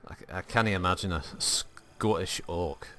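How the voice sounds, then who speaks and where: A man's voice: low voice, a little slow, background noise. A man giving live, joking gameplay commentary as a streamer, rambling, swearing and answering his chat. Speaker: gaming streamer.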